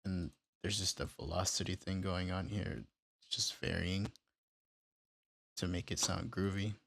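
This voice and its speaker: A man casually walking through how he built a beat, step by step, in a relaxed, plain way. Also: sits low, a little slow, gravelly. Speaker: music producer tutorial host. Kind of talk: casual screen-recorded tutorial.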